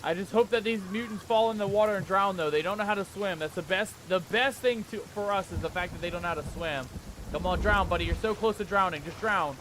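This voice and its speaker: High-voiced jumpy gaming man. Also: quick pace, fairly bright tone, a little hiss or hum. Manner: calls viewers "mateys", pirate slang; jumpy, panicky yelps when scared. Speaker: gaming channel host. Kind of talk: let's play commentary.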